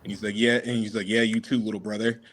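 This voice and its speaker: A man co-hosting a casual podcast, telling a long imagined story with quick voiced asides for the characters. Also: lowish voice, flat delivery. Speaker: podcast co-host.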